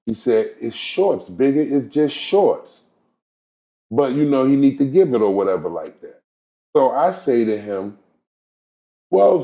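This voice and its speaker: A man's voice: fairly high pitch, mellow, roomy sound, dull audio. A man hosting a podcast, telling a story in casual, emphatic chat with lots of asides. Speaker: podcast host.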